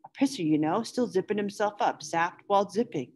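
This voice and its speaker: A woman voicing a quiet, shaken young male soldier in a read-aloud novel, speaking in a low, hushed way. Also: expressive, brisk, slight background noise, close to an everyday voice.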